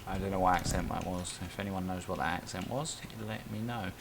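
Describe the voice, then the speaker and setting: A man's voice: low-pitched, fairly quick, gravelly, noisy background. A man live-streaming a game, chatting casually and thinking aloud as he builds, with plenty of self-talk and little tangents. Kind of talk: casual live-stream commentary while playing.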